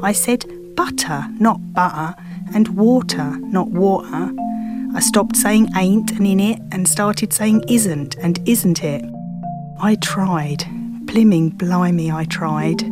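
A middle-aged woman from London with a Cockney accent, telling a first-person story in a wry, self-mocking way. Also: lowish voice. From London, England.

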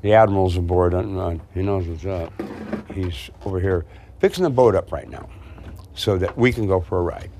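A man's voice: low-pitched, normal speed, warm tone, a little hiss or hum. A man in his sixties talking casually and candidly outdoors, rambling and laughing easily. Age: 60s. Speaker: interviewee, boat owner. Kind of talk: casual chat. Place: outdoors, home and harbor.

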